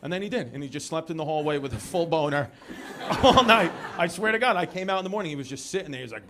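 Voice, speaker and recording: A man's voice: on the high side, fast. A man from Brooklyn doing a stand-up comedy set in a theater, acting out quoted voices and bantering with the audience. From Brooklyn, New York. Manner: animated, shifts into quoted voices, banters with crowd. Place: theater stage before a live audience. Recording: live venue with audience noise.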